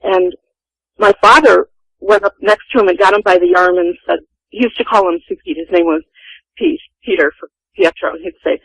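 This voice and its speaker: A woman's voice: lowish voice, brisk, no room sound, poor audio. A woman in her sixties, a guest telling a personal family story in an earnest, vivid way.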